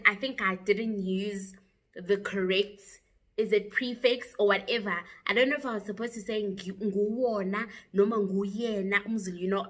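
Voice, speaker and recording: A young woman with a South African accent recounts a story to her viewers in a loose, chatty vlog. Her voice is bright and forward, and her delivery is animated, with regular asides to the audience. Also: medium pitch. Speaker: YouTuber.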